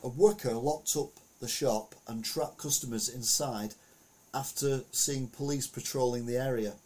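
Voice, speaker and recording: A man's voice: mid-range voice, steady tone, a little slow, a little mellow. A man giving a casual, rambling commentary on the week's news, full of anecdotes and asides.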